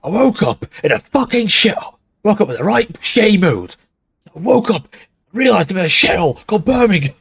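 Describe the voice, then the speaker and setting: Sneering, foul-mouthed male plague cultist, raised and lively voice; a man puts it on. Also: high voice, a little fast, vocal fry, breathy edge, no room sound, voice pushed up, exaggerated voice. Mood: disgusted.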